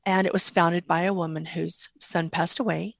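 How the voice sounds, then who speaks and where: A middle-aged woman, a guest mother, telling gentle stories about her daughter in an interview. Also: on the low side, normal speed, gravelly, dry recording. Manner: tender, animated quoting of her child. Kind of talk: storytelling interview.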